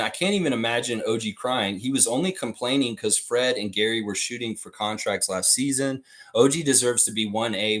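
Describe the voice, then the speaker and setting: A man's voice: lowish voice, fairly bright tone. A man hosting a casual livestream, talking bluntly and with swearing as he argues with his chat. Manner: blunt, profane, argumentative, addresses chat. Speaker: livestream host.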